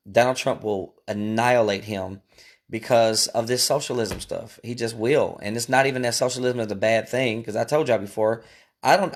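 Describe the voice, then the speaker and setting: A man giving casual political commentary in a video, rambling and emphatic, speaking straight to his viewers. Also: mid-range voice.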